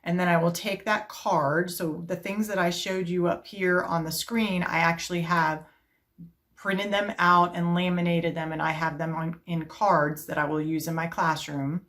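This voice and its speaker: A middle-aged woman, an elementary music teacher, explaining her classroom routine step by step and chanting rhythm syllables to a steady beat. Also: on the low side, moderate pace. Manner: explains step by step in a calm, practical way. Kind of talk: teaching video demonstration.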